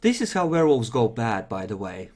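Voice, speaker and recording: A man's voice: medium pitch, very animated, brisk, a little mellow. A man running a tabletop game as game master, narrating scenes in a casual, offhand way and swearing freely.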